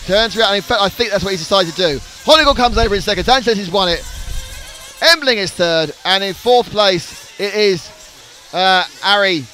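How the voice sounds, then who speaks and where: A man calling a live off-road race, urgent and quick to correct himself. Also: sits high, pushed and bright, faint music behind, low-quality recording. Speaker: race commentator. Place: outdoor race track.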